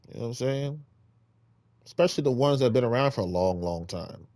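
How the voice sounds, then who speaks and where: A man talks through his ideas on street preaching in a loose, rambling monologue, full of restarts. He swings between loud, emphatic bursts and low, muttered asides. His voice sits at a middling pitch, recorded close and dry with no room echo. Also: expressive, fairly quick. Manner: rambling, exhorting, with many restarts. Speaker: vlogger giving street-preaching advice.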